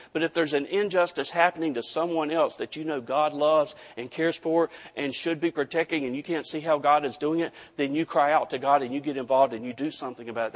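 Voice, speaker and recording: A man preaching a sermon, telling a personal story in a folksy, animated way to his congregation. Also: on the high side. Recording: dull audio with long hall reverb.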